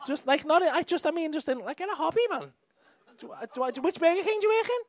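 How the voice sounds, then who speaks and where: A man's voice: very high voice, lively intonation, fast. A young man with a Liverpool accent doing brash, sweary crowd work as a stand-up comedian on a club stage. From England.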